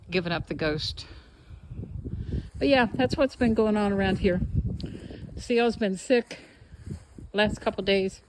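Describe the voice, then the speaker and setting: A woman's voice: medium pitch, a little mellow, slight background noise. An older woman from Kentucky with an Appalachian Southern accent, chatting casually and a bit out of breath as she walks her yard and cooks in her kitchen. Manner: homey, rambling, talks while walking and cooking. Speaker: home vlogger. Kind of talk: casual chat. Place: yard, then home kitchen.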